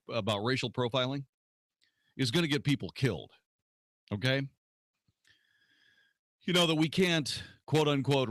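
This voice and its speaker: A man's voice: medium pitch, a bit bright, no echo. A man hosting a talk radio show, blunt and sarcastic, delivering opinions into a studio microphone. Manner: blunt, sarcastic, mocking voices in quotes.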